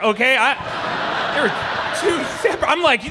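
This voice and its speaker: A stand-up comedian with a fairly high, bright voice that swings all over the place as he tells his stories. He talks in a conversational, mocking way, with a faint hiss under the recording. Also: expressive, normal speed. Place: comedy club stage.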